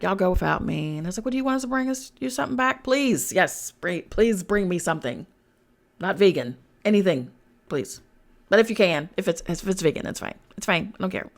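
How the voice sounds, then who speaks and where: A woman hosting a podcast, telling a personal story in a chatty, slangy way, swearing and speaking straight to her listeners. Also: on the low side. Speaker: podcast host and spiritual coach. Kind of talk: casual storytelling.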